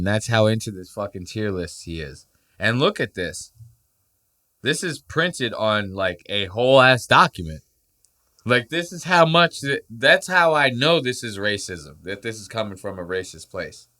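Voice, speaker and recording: A man hosting a casual podcast, joking, swearing freely and acting out quoted voices. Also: on the low side. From Puerto Rico heritage. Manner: profane, animated, jokey, acts out quoted voices. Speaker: podcast host.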